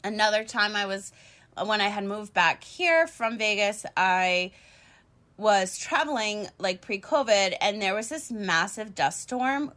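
A woman in her thirties spins a long personal story in a casual monologue. Her voice is bright and clear, and she talks in an animated, chatty way, swearing freely and leaning on filler words as she goes. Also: medium pitch, a little slow.

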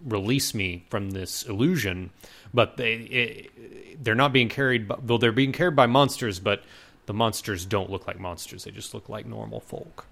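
A man co-hosting a casual podcast chat, talking in a relaxed way with many fillers and restarts. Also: fairly low pitch, moderate pace, gravelly. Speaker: podcast co-host.

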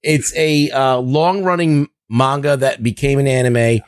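A man's voice: mid-range voice, steady tone, a little slow, no echo, clean studio sound. A man co-hosting a podcast, chatting casually about a show with lots of fillers and swearing. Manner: rambling, profane, lots of fillers. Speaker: podcast co-host. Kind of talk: casual review chat.

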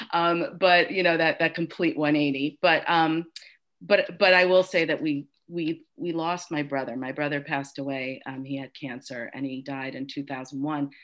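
A middle-aged woman telling a personal story as an interview guest, halting and heartfelt, with many restarts and fillers. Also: sits low, a bit bright.

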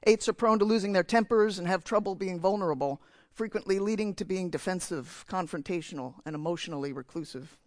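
A man's voice: high voice, fairly quick, dry recording. A man from New Jersey giving a sermon in church, telling a candid, self-mocking story about himself. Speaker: preacher.

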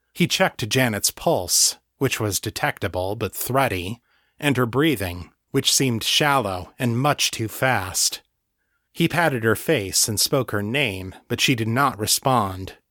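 Steady male audiobook narrator, dry sound. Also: on the low side, no echo. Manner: steady, measured reading. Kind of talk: scripted narration.

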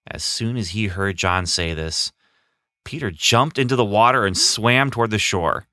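A man narrating a children's Bible story as a scripted podcast, expressive and slowing down for dramatic moments. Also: fairly low pitch, no echo, studio quality.

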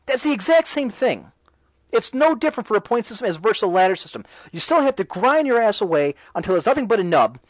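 A man's voice: very high voice, no echo, poor audio. A man hosting a casual talk radio show, reading and answering chat messages in a sarcastic, ranting way.

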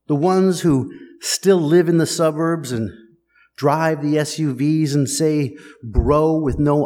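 A man delivers a sermon with a chatty, teasing wit, needling his listeners. His voice sits a little high and swings widely in pitch. The sound rings with the long reverb of a church sanctuary. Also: a little mellow. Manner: conversational, wry and teasing with the congregation. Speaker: pastor.

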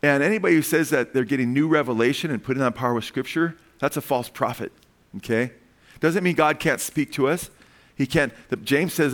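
A pastor preaching a sermon in a casual, conversational way. He often checks in with the congregation by asking "amen?" and swings between loud emphasis and quiet, hushed lines. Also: mid-range voice, brisk. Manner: conversational preaching, frequent "amen?" call-outs.

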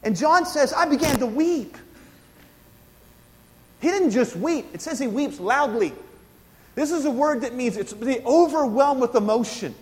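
A man's voice: very high voice, animated, unhurried, pauses often, big-room sound. A man preaching a sermon, explaining scripture with frequent asides and questions to his congregation. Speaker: pastor.

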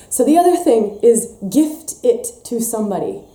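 A young adult woman giving a casual spiritual teaching, lively and expressive, slipping into playful voices for quotes. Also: fairly high pitch, moderate pace. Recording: echoey room.

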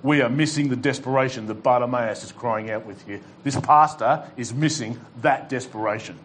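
A man's voice: medium pitch, moderate pace, a little hiss or hum. Impassioned male pastor preaching. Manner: impassioned preaching with humorous asides. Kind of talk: sermon. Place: church hall with congregation.

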